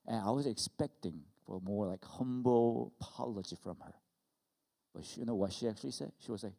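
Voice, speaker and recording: A middle-aged man preaching a sermon, who tells stories with animation and acts out scenes loudly. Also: fairly low pitch, brisk, gravelly, long reverb tail. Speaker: pastor. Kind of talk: sermon with personal story.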